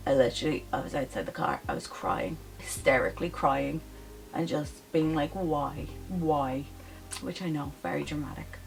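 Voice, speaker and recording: A young woman vlogger telling a personal story in a chatty, animated way, full of fillers and self-corrections. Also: lowish voice, vocal fry, low-quality recording. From grew up in the countryside on a farm. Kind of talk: casual storytelling chat.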